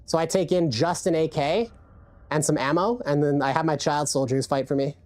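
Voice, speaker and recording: A woman's voice: deep voice, fairly even intonation, normal speed, darkish tone. A woman game streamer chatting casually and profanely, rambling with many restarts into a desk mic. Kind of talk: casual live-stream chat.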